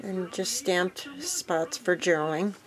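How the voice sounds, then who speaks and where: Rambling low-voiced woman crafter. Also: takes it slowly, low-quality recording. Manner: relaxed, rambling with frequent fillers and self-corrections. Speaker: crafting vlogger. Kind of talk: casual show-and-tell walkthrough.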